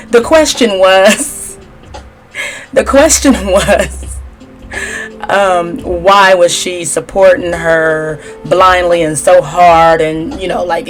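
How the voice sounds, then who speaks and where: A woman giving a casual, sassy gossip recap as a tarot reader, chatty and opinionated. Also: fairly low pitch. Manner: chatty and sassy, mimics cast members in a raised voice.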